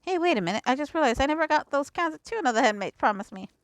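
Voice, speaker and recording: Woman putting on a small boastful male monster cat, brash, whiny, a touch higher than her own voice, fan storybook reading. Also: expressive, racing, dry recording, studio quality. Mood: indignant.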